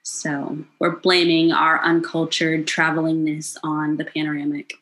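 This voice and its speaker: A young American woman co-hosting a casual chat, playful and joking, swearing freely, with sudden high-pitched outbursts. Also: flat delivery, a little slow, fairly bright tone, low-quality recording. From United States. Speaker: podcast co-host.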